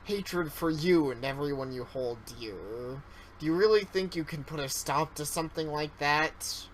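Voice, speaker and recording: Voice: mid-range voice, a little slow, slight background noise, natural voice, low-quality recording. A streamer reading the lines of a scheming young man who turned on his friend, cold and taunting. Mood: menacing. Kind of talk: reading game dialogue aloud.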